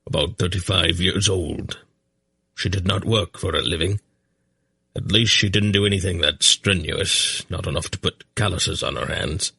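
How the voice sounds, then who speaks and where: Rumbling deep warrior, measured and plain, narrator's own voice. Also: male voice, vocal fry, bright, forceful tone, breathy edge, no echo, full character voice. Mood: matter-of-fact. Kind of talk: audiobook character voice.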